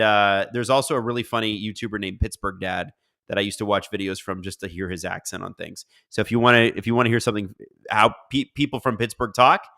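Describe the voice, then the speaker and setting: A man's voice: fairly low pitch, bright, forceful tone. A man hosting a casual live stream, reading viewer comments aloud and riffing on them in a chatty way. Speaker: livestream host.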